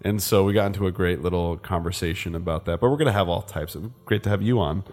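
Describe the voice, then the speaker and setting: A man from New Jersey hosting a podcast, chatting casually and riffing with jokes. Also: low-pitched. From New Jersey, USA. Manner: animated, joking, quick to riff. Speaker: podcast host. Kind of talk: casual chat.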